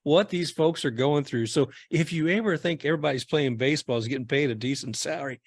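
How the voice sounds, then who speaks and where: A man's voice: fairly high pitch, quick pace, dry recording, studio quality. A man hosting a baseball interview, reacting to his guest and speaking to listeners as folks. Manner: reactive, laughs along, addresses listeners as folks. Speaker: host. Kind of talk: interview host.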